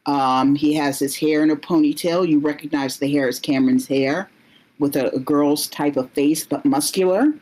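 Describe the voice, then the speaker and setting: Woman telling a story slowly, pauses and restarts, searching for words. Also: sits low, darkish tone, poor audio. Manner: halting, many fillers and restarts. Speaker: storyteller recounting a vision. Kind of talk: spoken story narration.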